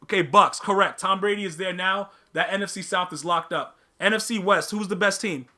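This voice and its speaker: A man's voice: high voice, a little fast, sharp tone. A man hosting a live podcast stream, chatting casually with his viewers, using slang, repeating himself and teasing the chat.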